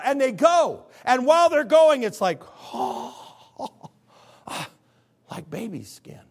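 A male pastor preaching a sermon, animated and acting out the people in his Bible stories. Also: high voice.

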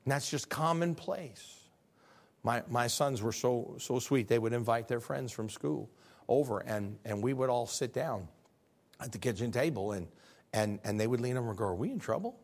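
A man's voice: mid-range voice, normal speed, a little mellow. A middle-aged male pastor preaching a sermon in a conversational way, asking the congregation questions and acting out quotes.

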